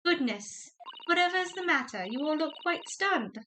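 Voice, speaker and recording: A woman's voice: very high voice, expressive, moderate pace, pushed and bright, a little hiss or hum, voice pushed up, heavily acted, low-quality recording. A woman reading game dialogue aloud, voicing a scornful upper-class Englishwoman with a put-on English accent and a condescending, prim manner. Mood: smug. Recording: game music behind.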